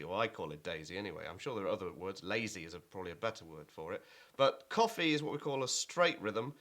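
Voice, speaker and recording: A man's voice: mid-range voice, pushed and bright. A man teaching an online keyboard lesson, explaining at an easy pace with fillers and now and then chanting rhythm words over his playing.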